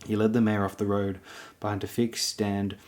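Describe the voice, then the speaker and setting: Deep-voiced male audiobook narrator. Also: little pitch movement, normal speed, a little mellow. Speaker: audiobook reader.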